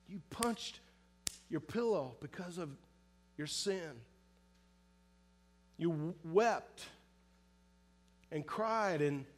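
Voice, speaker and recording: A man preaching a sermon in earnest, pressing hard on some phrases and drawing others out softly and slowly, often asking his listeners direct questions. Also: high voice. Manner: earnest preaching, shifts between loud emphasis and soft, slow, drawn-out phrases. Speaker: pastor.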